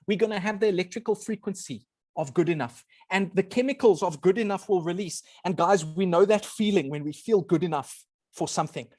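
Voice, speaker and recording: Here a man whose voice sits high talks a little fast, giving an earnest, animated presentation on a video call as a guest speaker. He lays out ideas step by step, apologizes often, and is briefly emotional, recorded at studio quality with no echo.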